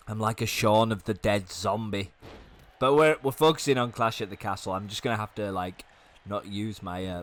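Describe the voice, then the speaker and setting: A young man with a hoarse, fading voice, giving fast, chatty commentary on a wrestling video game. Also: fairly low pitch, a little hiss or hum. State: hoarse, losing his voice. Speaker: gaming YouTuber.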